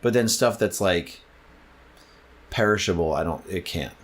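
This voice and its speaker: A man's voice: low voice, unhurried. A man co-hosting a comedy podcast, rambling casually with lots of fillers and restarts. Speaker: podcast co-host.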